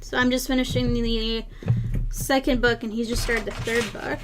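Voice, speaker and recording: A woman's voice: fairly high pitch, level tone, moderate pace, background noise. A woman co-hosting a casual livestream from home, chatty as she reads out comments. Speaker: livestream co-host. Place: home building room.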